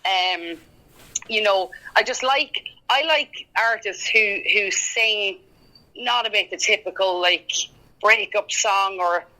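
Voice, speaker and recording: An Irish woman in a casual podcast chat, talky and quick to laugh, with lots of fillers. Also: mid-range voice, bright, forceful tone, rough recording. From Ireland. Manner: chatty, laughs often, halting with fillers. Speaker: guest singer-songwriter.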